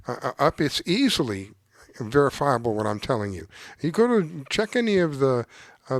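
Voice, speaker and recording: A man's voice: a little high, no room sound. A man hosting a show, delivering earnest, preachy political commentary from his desk at home. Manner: earnest, preachy, emotionally worked up. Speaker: show host. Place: home desk with dog underneath.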